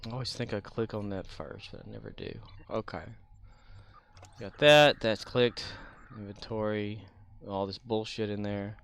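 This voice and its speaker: A man with a somewhat low voice talks his way through a live game stream. He thinks aloud in loose, muttered asides and swears offhandedly between moves. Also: normal speed, a little hiss or hum. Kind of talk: casual gameplay commentary.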